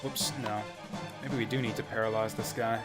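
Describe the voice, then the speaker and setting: A man's voice: fairly low pitch, fairly even intonation, normal speed, loud music behind the voice. A man chatting casually and rambling as he streams a video game. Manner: chatty, rambling, laughs often.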